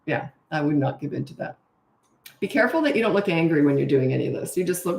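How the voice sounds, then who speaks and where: A middle-aged woman coaching parents in a casual Q&A, blunt and matter-of-fact, now and then acting out short quotes in a higher voice. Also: expressive, fast talker, gravelly, a little mellow. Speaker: parenting coach answering viewer questions. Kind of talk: casual live Q&A. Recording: roomy echo.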